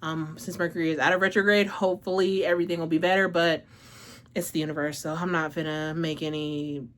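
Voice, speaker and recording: A woman's voice: low-pitched, level tone, a little fast. A woman hosting a casual book review vlog, gushing and emotional, peppering her talk with "like" and swearing, a little out of breath. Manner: gushing, emotional, heavy use of "like", profanity, laughs a lot. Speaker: book reviewer and channel host.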